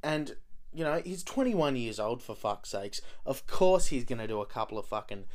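A man's voice: medium pitch, sing-song, normal speed, darkish tone. A man hosting a podcast, ranting casually with lots of swearing, rambling and stumbling restarts. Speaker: podcast host. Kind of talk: casual rant.

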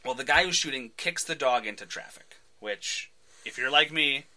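A man hosting a casual podcast, retelling a comic book in an animated way and laughing often. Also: medium pitch, normal speed. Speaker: podcast host.

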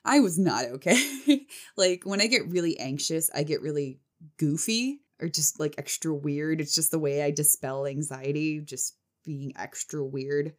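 Woman vlogger, lowish voice, lively self-mocking storytelling, rambles. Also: a little slow. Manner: animated, self-mocking, frequent laughs; rambling with restarts and fillers. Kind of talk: casual storytelling.

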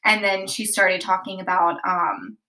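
Young woman, bright, clear tone, loose chatty delivery full of "like" and "um". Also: mid-range voice, steady tone, measured pace, low-quality recording. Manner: rambling, heavy use of "like" and "um". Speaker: host recounting a tarot reading. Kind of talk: casual chat.

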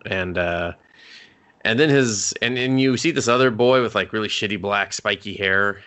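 A man's voice: lowish voice, moderate pace, bright, forceful tone. A man co-hosting a podcast, casually recapping an anime in a rambling way, full of fillers and cursing. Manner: rambling, many fillers and restarts, swears freely. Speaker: podcast co-host.

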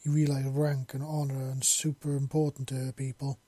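A man's voice: mid-range voice, flat delivery, moderate pace, dark tone, no room sound. A man reading a romance story aloud, with small slips and restarts. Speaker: narrator. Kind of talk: amateur fiction reading.

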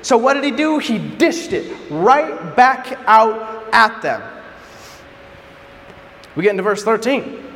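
Animated high-voiced male preacher. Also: takes it slowly, long pauses. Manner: animated, joking, acts out quotes. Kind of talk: casual sermon. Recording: echoey hall, faint background noise.

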